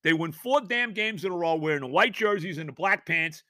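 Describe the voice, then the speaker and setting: A man's voice: sits high, lively intonation, a little fast, few pauses, sharp tone, no echo, studio quality. A middle-aged man hosting a sports podcast, ranting angrily and profanely about his team's loss, worked up and exasperated. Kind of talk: angry sports rant.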